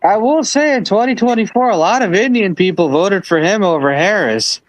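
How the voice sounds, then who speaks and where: A man's voice: high voice, expressive, moderate pace, no echo, low-quality recording. A man hosting a casual political chat on a live stream, rambling with lots of restarts and asides. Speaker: host.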